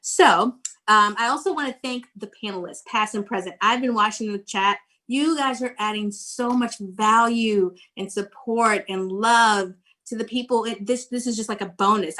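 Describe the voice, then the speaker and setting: A woman's voice: medium pitch, a bit bright. A middle-aged woman hosting a virtual conference live-stream with giveaways, talking in an effusive way and laughing often.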